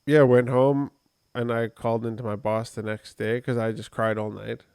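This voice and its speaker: A man's voice: mid-range voice, level tone, normal speed, creaky, darkish tone, clear, resonant tone, no echo. A man co-hosting a podcast, telling a personal story in a rambling, conversational way with many fillers. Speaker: podcast co-host. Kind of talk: casual podcast chat.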